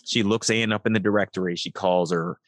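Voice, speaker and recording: Middle-aged male guest, low voice, dry close sound, animated storyteller who plays out each line of dialogue. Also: brisk, dry recording. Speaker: podcast guest. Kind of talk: storytelling interview.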